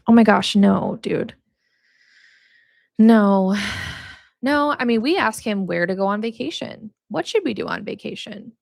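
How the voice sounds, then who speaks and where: A woman's voice: mid-range voice, animated, slow, gravelly, no echo, clean studio sound. A young woman hosting a podcast, teaching about faith in a casual, chatty way, laughing often and filling her talk with "like". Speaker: podcast host.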